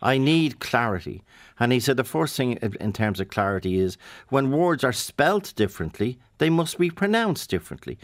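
An Irish man hosting a phone-in radio show, chatty and quick with his questions, often restarting mid-sentence. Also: mid-range voice, sing-song, no echo, studio quality. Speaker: radio host. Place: radio studio. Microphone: studio microphone.

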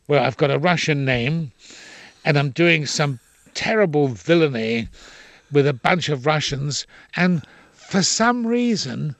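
Gravelly, expressive older male storyteller. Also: a little high, measured pace, no echo. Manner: expressive, indignant storyteller with quoted voices. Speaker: actor and playwright interviewee. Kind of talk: animated interview anecdotes.

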